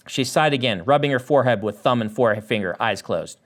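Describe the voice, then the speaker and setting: A man's voice: medium pitch, fairly quick, few pauses. A man reading his own novel aloud as first-person narration, lifting his voice for dialogue. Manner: animated reading that lifts the voice for dialogue. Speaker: author.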